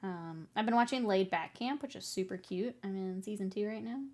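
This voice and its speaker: A woman with a darkish, mid-range voice talks a little fast while painting miniatures for her stream. She keeps the chat casual, playful and rambling, mocks herself, and often giggles between remarks.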